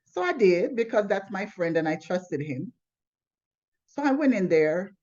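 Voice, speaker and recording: A woman's voice: mid-range voice, very animated, unhurried, darkish tone. A woman telling her personal testimony in an earnest, plainspoken way, often restarting her sentences. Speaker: testimony sharer. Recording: slightly dull lo-fi recording.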